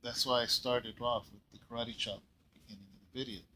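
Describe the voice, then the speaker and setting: A man pastoring a church, telling a story in a casual, rambling way and often clearing his throat. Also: mid-range voice, fairly even intonation, fast, pushed and bright, slight background noise, low-quality recording. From California. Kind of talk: casual Bible talk.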